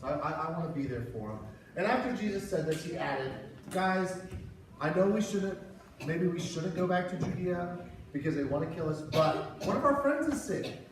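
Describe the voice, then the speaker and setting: Animated man retelling a Bible story to kids. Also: sits high. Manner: animated, acts out the voices in the story. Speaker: children's pastor. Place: church hall. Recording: echoey hall, far from the mic, with background noise.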